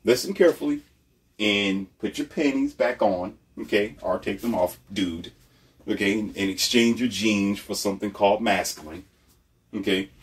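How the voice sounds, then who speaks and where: A man's voice: fairly low pitch, normal speed, far from the mic. A man delivering a blunt, preachy motivational monologue, emphatic and repetitive.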